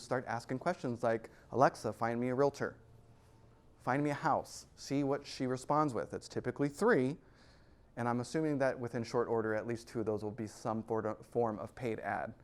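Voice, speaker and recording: Energetic male presenter, mid-pitched, playful with the crowd, for a live seminar talk. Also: fairly quick. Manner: energetic and joking, laughs between points. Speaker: guest speaker at an investor club.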